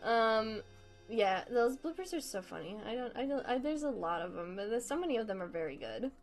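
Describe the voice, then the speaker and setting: A young woman talks loosely while she doodles, drifting between thoughts with frequent giggles and casual swearing. Her voice sits a little high, with soft music playing faintly under her. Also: very animated, brisk. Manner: giggly, rambling, swears often. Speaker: art streamer. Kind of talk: casual chat while drawing.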